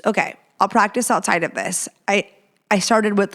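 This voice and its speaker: Chatty playful woman podcast host. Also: medium pitch. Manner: chatty and playful, with quick whispered asides. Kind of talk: casual podcast chat.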